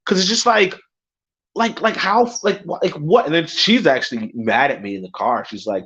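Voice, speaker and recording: A man's voice: a little high, lively intonation, fairly quick, fairly bright tone, lo-fi sound. Profane, agitated man ranting to viewers. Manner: profane, agitated, many filler words. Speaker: vlogger. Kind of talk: casual storytelling rant to viewers.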